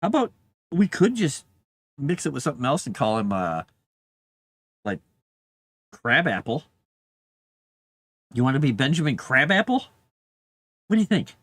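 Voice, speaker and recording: A man streaming from his desk while he writes, chatting casually and trailing off into thought. His pitch moves around a lot, lifting and dropping from phrase to phrase. Now and then he turns to soothe and coax his dog. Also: sing-song, normal speed, pauses often, breathy edge, no echo. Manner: talks softly to his dog between musings. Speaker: author streaming live writing. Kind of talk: casual live-stream chat.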